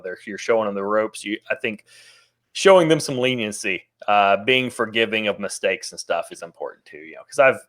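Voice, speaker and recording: A man's voice: fairly low pitch, fairly bright tone. Rambling man in a panel chat. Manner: rambling, many "you know"s. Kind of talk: casual panel chat on a live stream.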